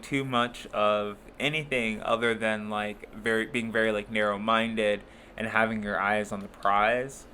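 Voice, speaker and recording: A man's voice: lowish voice, gravelly, bright, forceful tone, slight background noise. A man giving a casual tarot reading, chatty and rambling, with many fillers and frequent laughs. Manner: playful put-on voices for zodiac signs. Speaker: tarot reader.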